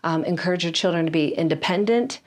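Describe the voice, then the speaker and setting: A woman in her fifties, a kindergarten teacher and interview guest, giving calm, measured advice with frequent "um"s. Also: on the low side. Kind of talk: interview answers.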